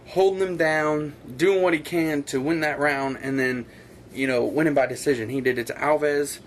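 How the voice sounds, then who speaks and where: A man's voice: mid-range voice, a little hiss or hum. Rambling, opinionated man vlogging. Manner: rambling and opinionated, with frequent filler phrases. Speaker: online show host. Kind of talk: casual opinion vlog.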